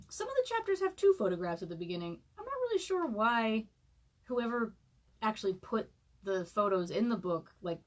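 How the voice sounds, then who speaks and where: A woman in her thirties, hungover, chatting casually on a live stream and reading from her own book, with many fillers and laughs. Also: mid-range voice. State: hungover, eating saltines and sipping broth.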